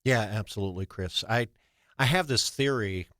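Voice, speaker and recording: An older man, a veteran guest, speaking in a measured, explanatory way and posing questions to the listener. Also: lowish voice, a bit bright, no room sound, studio quality. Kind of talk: interview explanation.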